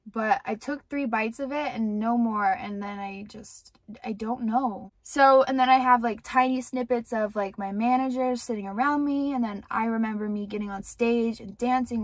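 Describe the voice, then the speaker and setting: A woman's voice: on the high side, no room sound. A young woman candidly rambling through a personal storytime, with lots of filler words and cursing. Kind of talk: casual storytime monologue.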